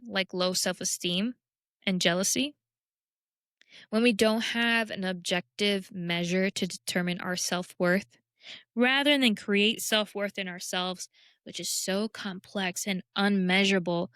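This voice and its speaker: A woman's voice: mid-range voice, fairly bright tone, smooth, no room sound, clean studio sound. A young woman hosting a casual self-help talk, candid and self-deprecating in a conversational way. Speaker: podcast host.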